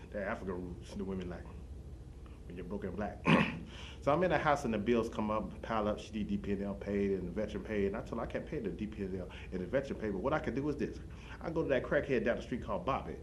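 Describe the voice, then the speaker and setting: A man's voice: on the low side, slight background noise. A man telling a rambling comic story, piling up run-on tangents and repeated catchphrases. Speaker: comedian.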